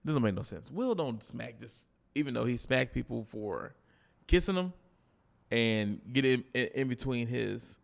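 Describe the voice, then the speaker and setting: Gravelly, animated man telling a story. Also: medium pitch, moderate pace. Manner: animated storytelling, acting out quotes. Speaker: podcast co-host. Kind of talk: casual chat.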